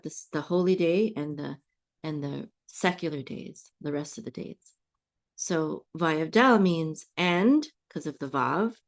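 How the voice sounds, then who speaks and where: A patient woman walks her listeners through a Bible Hebrew lesson at an unhurried pace. Her voice sits a little low, and she keeps pausing to ask if they follow, going back over her own phrases. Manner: patient, checks in with "okay?" often, restarts phrases. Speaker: Hebrew teacher.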